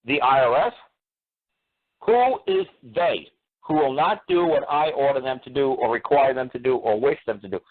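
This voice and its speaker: A man's voice: mid-range voice, lively intonation, moderate pace. A man on a call-in radio show, his voice thin and tinny as if coming down a phone line. He talks in a mid-range voice and hammers away with repeated, heated rhetorical questions. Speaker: radio talk show host. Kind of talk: emphatic call-in radio talk.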